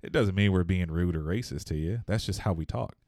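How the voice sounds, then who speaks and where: Deep-voiced man telling a story. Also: a little fast, a little mellow, no echo, studio quality. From Texas. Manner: rambling, many fillers and restarts. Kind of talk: casual podcast storytelling.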